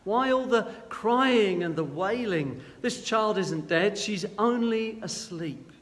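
Jesus as a firm, commanding grown man, as a preacher puts him on, in a voice pitched a little high and raised above his plain telling. Long reverb trails behind every line, as if spoken in a big hall. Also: animated, takes it slowly.

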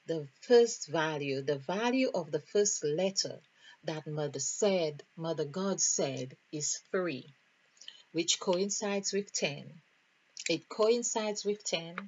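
A woman teaching a spiritual numerology lesson, thinking aloud in a deliberate, musing way as she counts out numbers. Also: lowish voice, a little mellow, husky. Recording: dull lo-fi recording.

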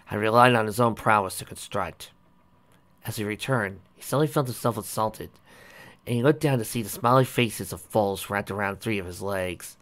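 A man with a fairly low voice reads a story aloud. His reading is plain and a little uneven, and he stumbles over a word now and then. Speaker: reader.

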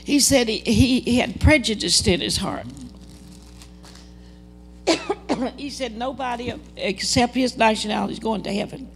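A woman's voice: on the high side, unhurried, creaky, long pauses, a little hiss or hum. An older woman giving an earnest, dramatic testimony sermon at a church service, acting out quoted dialogue as she tells the story. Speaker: guest preacher.

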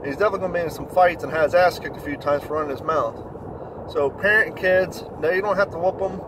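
A man telling a story in a blunt, profane rant, getting louder when indignant. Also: fairly high pitch, fast talker, background noise. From Kentucky, USA. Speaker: vlogger. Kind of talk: ranting storytelling monologue.

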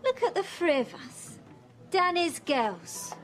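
A woman's voice: very high voice, huge pitch swings, slow, faint music behind, heavily acted. Drunk, mocking woman. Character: drunk bitter woman making a scene. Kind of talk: TV soap drama acting.

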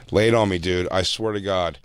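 A man's voice: sits low, clean tone, no echo. A man co-hosting a comedy podcast, trading crude mocking banter into a studio microphone. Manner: mocking, crude, breaks into laughter. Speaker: podcast co-host.

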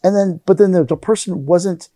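A middle-aged man tells rambling stories in a casual interview, slipping into the voices of the people he quotes. His voice sits a little high for a man but sounds mellow and warm. The sound is dry and close. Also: normal speed, no room sound. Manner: rambling anecdotes, acts out quoted lines. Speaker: interview guest, aikido teacher.

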